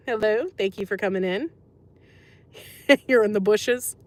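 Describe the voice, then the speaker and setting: An American woman talks casually on a livestream, answering her chat as she goes. Her voice sits at an ordinary middle pitch, and she fills pauses with frequent ums. She sounds easygoing and sympathetic with viewers. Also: no room sound. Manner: chatty, says um often, sympathetic. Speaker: livestream host reading chat.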